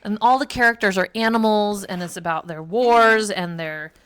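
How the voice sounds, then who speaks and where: A woman's voice: medium pitch, normal speed, a bit bright, clean tone. A middle-aged woman chatting casually about books, rambling and correcting herself. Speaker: book reviewer, mother. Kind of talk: casual book chat.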